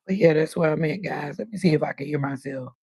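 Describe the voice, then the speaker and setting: A woman in her fifties chatting on a livestream as host, telling animated stories with plenty of cussing. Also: low voice, moderate pace, creaky, slightly rough, no echo. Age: 50s. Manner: chatty, animated storytelling with cussing and quoted voices. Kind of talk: casual livestream chat.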